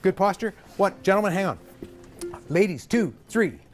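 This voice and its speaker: Guy with a high voice running a singing workshop, bossy but jokey, bit of music in the background. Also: moderate pace. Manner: energetic, directive, joking with participants. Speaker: vocal coach. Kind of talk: leading a live group singing workshop.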